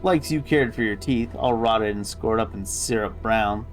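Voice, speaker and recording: A man's voice: fairly low pitch, measured pace, soft background music, close to an everyday voice. A man voicing a grumpy old woman seamstress in a video game, muttering to herself in a sing-song way. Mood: muttering, cranky.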